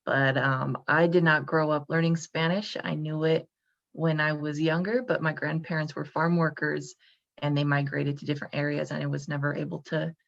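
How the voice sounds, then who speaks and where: A woman's voice: deep voice, flat delivery, moderate pace, creaky, muffled recording. A young woman, a social work student, earnestly asking interview questions with a few hesitations.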